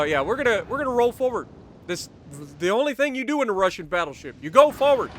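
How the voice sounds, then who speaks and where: A man's voice: high voice, fairly bright tone, slight background noise. A man hosting a gaming channel, giving chatty, enthusiastic and jokey commentary over his gameplay.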